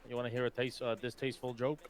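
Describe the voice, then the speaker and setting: A man playing a laid-back ex-convict who rambles through dark jokes and dad jokes, stumbling over his words in live role-play. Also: medium pitch, flat delivery, very fast, a little hiss or hum, lightly acted. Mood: joking. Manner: rambling, stumbling joke-teller.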